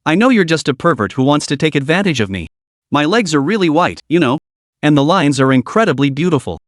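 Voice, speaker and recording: A woman's voice: low voice, sing-song, brisk, no room sound, studio quality. A man voicing a brash, teasing young female soldier who bickers in cheeky, crude banter.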